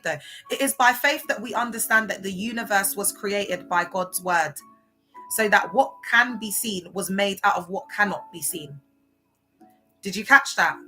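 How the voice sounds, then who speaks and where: Woman rambling on a livestream, lots of ums and likes, soft music under it. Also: medium pitch, poor audio. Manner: rambling, emotional, many fillers. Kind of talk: casual livestream chat.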